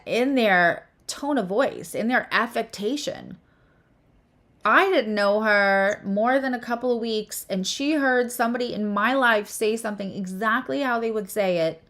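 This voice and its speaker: A woman who works as an astrologer and tarot reader hosts a casual spiritual chat. Her voice is fairly high, and she talks with animated emphasis, often restarting her phrases.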